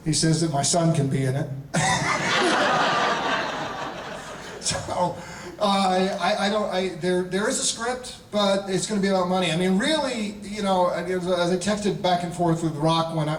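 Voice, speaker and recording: A man in his fifties, a guest actor telling a casual anecdote to a convention audience, animated and chuckling, often restarting his sentences. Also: sits high, a little slow, long pauses, slight background noise. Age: 50s. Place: large convention hall panel. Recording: echoey hall audio from a distance.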